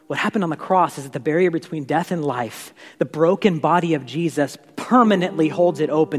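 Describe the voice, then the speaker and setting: A male pastor preaching a sermon in a church, conversational and animated, often repeating words as he builds his point. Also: a little high, fairly quick, over music. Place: church sanctuary. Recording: echoey hall reverb.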